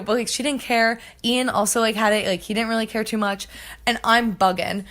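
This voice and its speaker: A woman's voice: a little high, fairly even intonation, normal speed, a bit bright. A young woman telling a long story in a casual, chatty way, filling it with "like" and acting out the people she quotes. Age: young adult. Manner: chatty, heavy on filler "like", acts out quoted voices. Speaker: podcast host.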